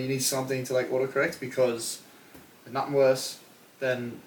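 A man's voice: medium pitch, little pitch movement. A man, co-hosting a podcast in casual, sweary chat. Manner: chatty, swears, quick interjections. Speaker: podcast co-host. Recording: echoey room, distant mic, faint noise.

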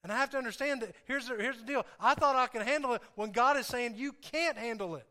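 A man's voice: extremely high pitch, fast, sharp tone. A pastor preaching a sermon, earnest and confessional, who repeats his key phrases for emphasis and speaks straight to his congregation.

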